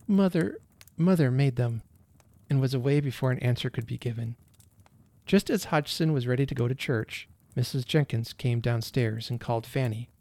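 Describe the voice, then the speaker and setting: Male storybook narrator, gentle, expressive, mid pitch, dry studio. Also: a little fast, no room sound.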